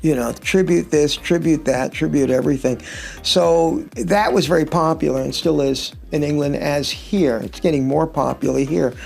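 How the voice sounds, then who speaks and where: Gravelly guitarist telling wry stories. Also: male voice, a little high, normal speed, darkish tone, faint music behind. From United States. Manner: rambling anecdotal storyteller, wry humor. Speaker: touring guitarist, guest. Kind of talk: casual interview chat.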